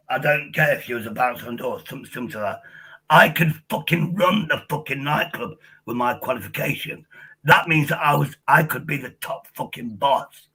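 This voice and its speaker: A man's voice: medium pitch, moderate pace, bright, forceful tone, husky, poor audio. A man hosting a livestream, angrily swearing and interrupting in a heated argument, losing his voice. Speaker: livestream host.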